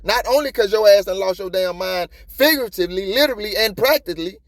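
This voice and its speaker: A man giving casual, profane commentary on a police video in streetwise slang, animated and talkative. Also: sits high, quick pace, no room sound, clean studio sound. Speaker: copwatch commentator.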